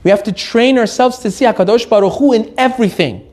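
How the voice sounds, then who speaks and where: A man giving an animated Torah lesson, joking, laughing often and telling stories with Hebrew terms mixed in. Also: very high voice, fast. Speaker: Torah teacher.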